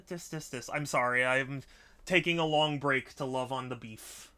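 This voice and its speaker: A man's voice: mid-range voice, measured pace, bright, forceful tone, a little hiss or hum. A man streaming a game who talks casually and often coos baby talk to his cat. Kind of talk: casual live-stream chat. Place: dim room indoors. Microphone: desk microphone on a stand.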